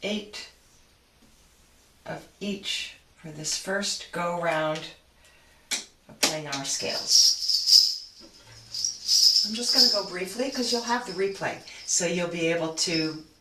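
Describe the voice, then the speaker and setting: A woman leads a frame drum lesson over a video call, unhurried and chatty, often talking her thoughts through aloud. Her slightly low voice comes from some distance off the mic in an echoing room. Loud drumming sounds behind her. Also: noisy background. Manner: patient, chatty, thinks aloud.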